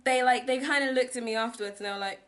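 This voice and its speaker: A woman's voice: fairly high pitch, rapid-fire, a bit bright. A young woman chatting casually in a vlog, rambling with lots of fillers. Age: young adult. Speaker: vlogger teaching abroad. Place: home kitchen, indoors.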